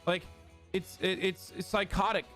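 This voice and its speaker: Indignant, halting streamer man. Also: sits high, flat delivery, fairly bright tone. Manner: indignant, halting with fillers, profane. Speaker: streamer in an archive clip. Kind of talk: heated commentary. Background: faint music.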